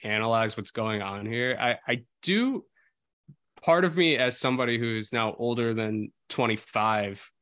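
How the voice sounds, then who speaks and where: A man's voice: on the low side, bright, forceful tone, no room sound. A man from New Jersey co-hosting a casual film podcast, often stopping to restart his sentences. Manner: hesitant, often restarts and repeats words. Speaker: podcast co-host.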